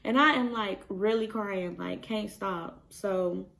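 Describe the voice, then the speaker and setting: A woman's voice: medium pitch, slow, gravelly, fairly bright tone. A young pregnant woman, chatting casually on her vlog and filling her stories with "like" and laughs. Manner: chatty, storytelling with many "like" fillers and laughs. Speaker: vlogger. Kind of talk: casual chat.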